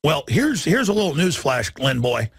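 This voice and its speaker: A man hosting a talk radio show, ranting combatively and mockingly, his voice climbing into shouts. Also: fairly high pitch, big pitch swings, moderate pace, no room sound. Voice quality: gravelly, husky. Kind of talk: ranting monologue.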